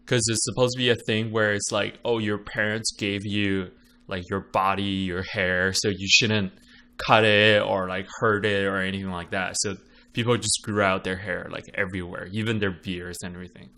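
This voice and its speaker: A man with a lowish voice co-hosting a casual podcast. He talks in an easygoing way, full of "like" fillers and quick laughs. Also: flat delivery, sharp tone. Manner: laid-back, laughs often, many "like" fillers. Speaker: podcast co-host. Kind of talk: casual chat.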